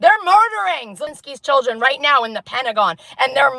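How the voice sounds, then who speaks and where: A woman's voice: high-pitched, very animated, brisk, vocal fry, hardly any pauses, pushed and bright, no room sound. A woman vlogger giving a heated, profane monologue to camera, repeating herself and pressing "okay?" after her points. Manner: repetitive, insistent, peppers talk with "okay?".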